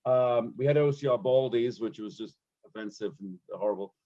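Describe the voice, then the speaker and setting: A British man trading jokey banter as a podcast co-host. His mid-pitched voice comes through a slightly muffled, lo-fi call line. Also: mellow. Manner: joking, quick-witted teasing. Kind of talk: casual banter.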